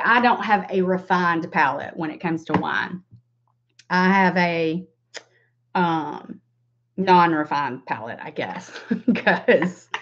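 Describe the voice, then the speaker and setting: A woman in her forties with a Southern US accent, chatting casually while doing her makeup on a livestream and greeting viewers by name. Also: lowish voice. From American South. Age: 40s. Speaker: makeup vlogger. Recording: slightly dull lo-fi sound.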